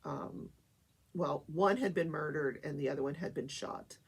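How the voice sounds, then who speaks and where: A woman's voice: low voice, moderate pace, slightly rough. An older woman hosting a talk show, chatting casually through a trial recap with many fillers.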